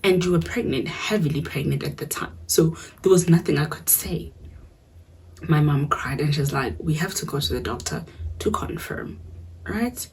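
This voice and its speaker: Low, very breathy South African woman. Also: moderate pace, a little mellow, low-quality recording. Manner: switches between English and isiZulu, asks listeners to follow along. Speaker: storyteller. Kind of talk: casual storytime.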